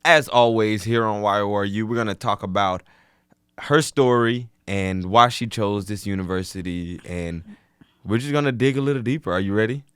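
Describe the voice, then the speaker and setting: Young male host, low and smooth, upbeat, dry studio sound. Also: moderate pace, a bit bright, no room sound. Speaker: podcast host. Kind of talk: casual interview hosting.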